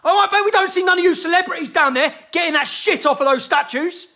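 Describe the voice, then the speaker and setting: Angry man in his thirties, pitched very high, tense and cutting, ranting to camera with constant swearing. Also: fast. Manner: furious, shouting, heavy swearing.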